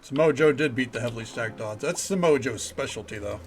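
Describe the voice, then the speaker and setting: A man's voice: mid-range voice, brisk, slight background noise. A male streamer giving casual, joking commentary while playing a game, swearing freely. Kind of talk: casual let's-play commentary.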